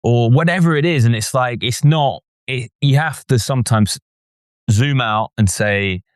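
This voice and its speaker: A man co-hosting a podcast, talking in a relaxed, reflective way with jokes. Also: medium pitch, measured pace, no room sound, clean studio sound. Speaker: podcast co-host. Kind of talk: casual podcast chat.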